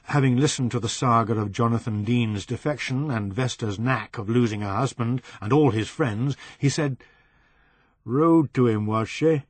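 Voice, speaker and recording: A male audiobook narrator reading a novel in a measured, deliberate voice that slows down for descriptive passages. His pitch sits in the middle, and the recording is dry and close with no room sound. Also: no room sound. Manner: measured, slowing on descriptive phrases.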